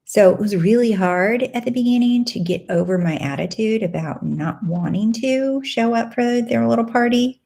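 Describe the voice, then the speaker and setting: A woman, likely in her thirties, hosting a casual live-stream Q&A and chatting warmly and excitedly with viewers. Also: moderate pace, vocal fry, hardly any pauses. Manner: bubbly, animated, with squealing excited highs. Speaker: live Q&A host and coach.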